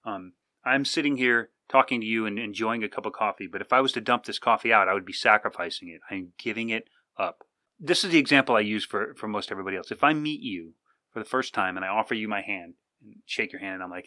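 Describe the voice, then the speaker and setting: Podcast host, man, rambling casual talker; lowish, forceful tone; dry close-miked sound. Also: a little fast, no echo. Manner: rambling, conversational, with many fillers and restarts. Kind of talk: casual monologue. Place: indoors, sitting with coffee.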